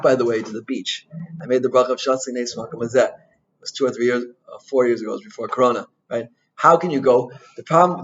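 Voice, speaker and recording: A male rabbi giving an informal Torah talk, an animated storyteller who mixes in Hebrew and Yiddish terms and keeps asking "right?". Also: mid-range voice, muffled recording.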